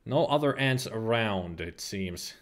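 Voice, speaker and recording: A man's voice: on the low side, expressive, takes it slowly. A man giving casual, joking gameplay commentary, rambling and swearing freely, with game music playing behind. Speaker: let's play commentator.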